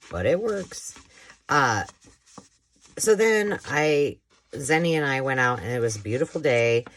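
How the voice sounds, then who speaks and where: A woman in her middle years records a crafting vlog at home, chatting as she works. Her voice sits very low but moves up and down a lot as she plays out each part of the story. She laughs often, and soft clicks from the work table sound behind her. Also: a little hiss or hum. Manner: rambling, animated storyteller who laughs often and acts out quoted voices. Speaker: craft channel host.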